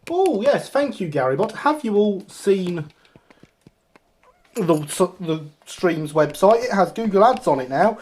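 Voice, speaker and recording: Jokey, lively man. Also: high-pitched, a little slow. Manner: self-mocking, jokey, lively. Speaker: livestream host building a model railway. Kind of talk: casual live-stream chat while working.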